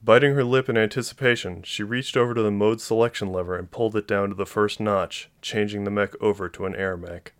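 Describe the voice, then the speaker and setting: Male narrator, lowish voice, steady audiobook reading. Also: a little fast, few pauses.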